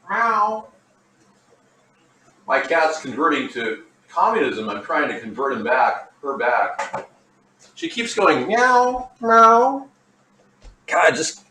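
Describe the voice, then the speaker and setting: A man's voice: on the high side, a bit bright, a little hiss or hum. Rambling, jokey man cooking at home. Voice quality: rambling and jokey, drifts off topic. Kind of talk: casual cooking demonstration. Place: home kitchen.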